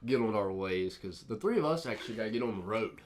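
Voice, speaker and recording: Energetic young man on a podcast, low voice. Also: fast talker, crowd noise. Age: young adult. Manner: excitable storyteller, lively and hype-driven. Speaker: podcast co-host. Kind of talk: casual podcast chat.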